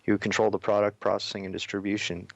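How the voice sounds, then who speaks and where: Deep, fast-talking gravelly host. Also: male voice, level tone, no room sound, highs cut off. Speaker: radio host. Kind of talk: casual interview, reading aloud.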